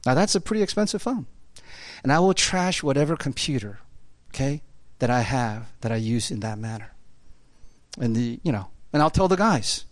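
A man's voice: medium pitch, expressive, normal speed, no echo. A man preaching a conversational sermon as a pastor, casual and chatty, with lots of fillers and frequent laughter.

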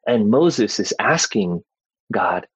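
Man, Bible teacher, casual talk, husky voice, fairly low, keeps asking "right?", dry close sound. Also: expressive, slow, dry recording, poor audio. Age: adult parent. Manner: conversational, tags sentences with "right?", frequent "like" and "you know".

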